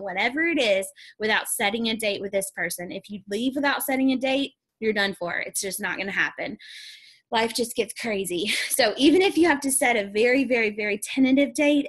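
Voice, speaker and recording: A woman's voice: fairly high pitch, fairly bright tone, dry recording. A young woman on a video call, giving an upbeat, chatty sales training talk, laughing often and acting out customers. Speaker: sales team leader.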